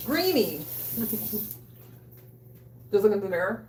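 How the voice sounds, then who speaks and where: A woman hosting a cooking livestream, chatting casually, loud, joking and swearing with her chat. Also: medium pitch, lively intonation, a little slow, slight background noise. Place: small bathroom. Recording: echoey room, a bit distant.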